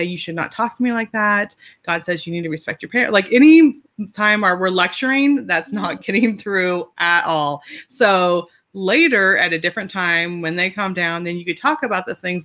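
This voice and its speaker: A woman's voice: fairly low pitch, bright, forceful tone. A woman in her forties, a parent giving casual advice, talking in a chatty way with lots of fillers, restarts and light laughs. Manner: laughs lightly mid-sentence.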